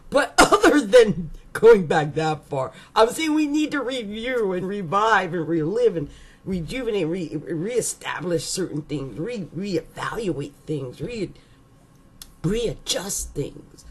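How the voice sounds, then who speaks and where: Slow, lively-pitched woman musing aloud. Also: slightly rough. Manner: playful, drawn-out word listing with musing asides. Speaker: astrology video host. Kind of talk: casual monologue to viewers.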